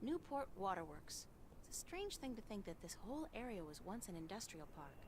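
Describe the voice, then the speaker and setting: A woman's voice: medium pitch, very animated, a little fast, noisy background, natural voice. An actress voicing a wry young woman game heroine who narrates in a dry, sardonic way. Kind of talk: video game voice acting.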